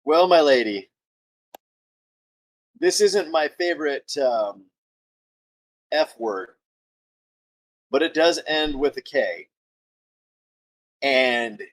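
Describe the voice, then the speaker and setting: Woman player hamming it up in character, slow, pitch all over the place. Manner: mock-grand speech, swooping pitch. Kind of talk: in-character tabletop role-play.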